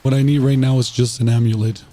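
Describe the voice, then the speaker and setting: A man talks to his viewers in a voice worn hoarse, having lost most of it. His tone sits dark and mellow at a middling pitch. He rambles casually, restarts his sentences and throws rhetorical questions at chat. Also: flat delivery, quick pace. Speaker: streamer playing a game.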